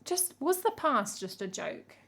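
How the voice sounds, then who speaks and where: A woman's voice: sits high, sing-song, a little slow, fairly bright tone. A young woman from England, a singer-songwriter, chatting casually and wryly on a live stream as she reacts to a music video. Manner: chatty, wry, jokey asides.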